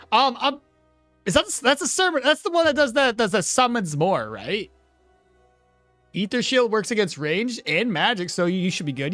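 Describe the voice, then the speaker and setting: Brief: lively, chatty game streamer, close dry mic with faint music under it. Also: medium pitch, dry recording. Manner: animated, laughing, trailing off and restarting mid-sentence. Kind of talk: casual live gameplay commentary.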